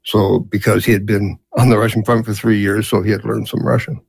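A man's voice: lowish voice, flat delivery, fairly quick, creaky, darkish tone, breathy edge, dry recording. A man in his seventies who grew up in Canada, telling family stories as an interview guest in a rambling way with many fillers. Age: 70s. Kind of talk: storytelling in a casual interview.

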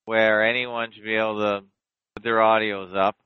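A man's voice: on the low side, flat delivery, normal speed, smooth, no room sound. A man hosting an internet radio show, talking casually in short, matter-of-fact remarks. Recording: dull, lo-fi, dry.

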